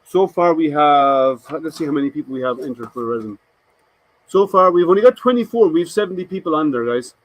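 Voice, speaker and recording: A man's voice: on the high side, expressive, a little fast, rough recording. A man hosting a casual live stream, chatting to viewers and answering their comments with rambling, hesitant talk.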